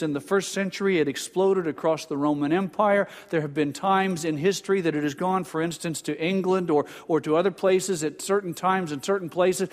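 Older male pastor preaching in a reverberant sanctuary. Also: sits high. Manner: earnest, stammers and repeats words, builds emphasis. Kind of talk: sermon. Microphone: pulpit microphone.

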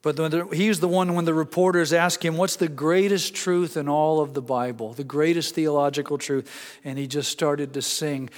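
A male pastor preaching a sermon, emphatic, rising to loud exclamations and dropping low. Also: fairly even intonation, normal speed. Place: church sanctuary. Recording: church hall with long reverb.

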